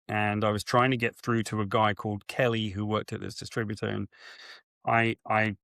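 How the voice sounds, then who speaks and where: A man guest on an interview podcast, telling an anecdote in a lively, animated way and mimicking other people's voices. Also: fairly low pitch, moderate pace, gravelly, no room sound, studio quality. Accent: non-local accent. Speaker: guest comics writer. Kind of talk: casual interview storytelling.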